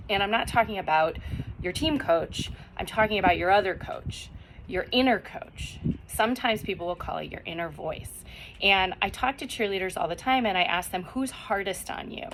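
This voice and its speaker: A woman's voice: mid-range voice, a bit bright. Middle-aged woman, encouraging coach delivering tips from home, upbeat; faint noise under the voice. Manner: upbeat, encouraging, acts out quoted self-talk. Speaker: cheer mental-skills speaker. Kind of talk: scripted tips talk.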